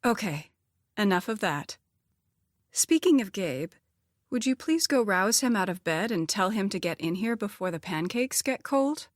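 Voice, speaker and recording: A woman voicing a soft-spoken widowed mother of teenagers in an audiobook, close to a dry studio mic. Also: medium pitch, big pitch swings, unhurried, no echo. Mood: gentle. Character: warm widowed mother of teens.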